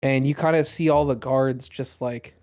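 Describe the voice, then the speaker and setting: A man's voice: mid-range voice, fairly even intonation, normal speed, a little mellow. A man narrating a tabletop game as dungeon master, rambling with many fillers.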